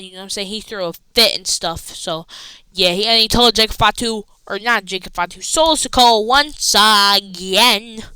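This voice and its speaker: A woman casually recapping a wrestling show, rambling excitedly with slangy asides. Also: medium pitch, clean tone, no room sound, low-quality recording.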